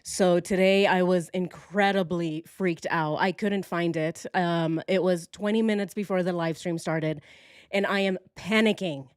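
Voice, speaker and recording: A woman's voice: on the low side, clean tone, no echo, clean studio sound. A woman hosting a true crime live stream from home, chatting casually and animatedly with her viewers, recorded on her phone. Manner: chatty and animated, quick asides and self-correcting. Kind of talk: casual chat to a live audience.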